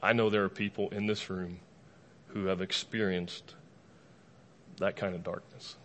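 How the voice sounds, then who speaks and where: A man preaching a sermon to a live congregation in a lively, conversational way, with casual asides and humor. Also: low-pitched, unhurried, slight background noise. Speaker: pastor.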